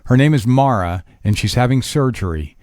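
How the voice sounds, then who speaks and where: A man's voice: medium pitch, lively intonation, normal speed, a little mellow, no echo. A man hosting an oldies radio show from a studio, chatting in an upbeat, easily amused way about listener notes and birthdays. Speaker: radio host.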